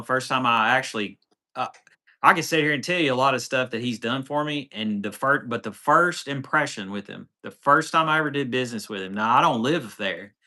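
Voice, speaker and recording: A man chats on a livestream, winding through a long story and acting out the back-and-forth of each conversation. His voice is bright and forceful, and his pitch sits in an ordinary middle range. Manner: rambling storyteller, acts out quoted dialogue. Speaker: off-road channel host. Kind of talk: casual livestream chat.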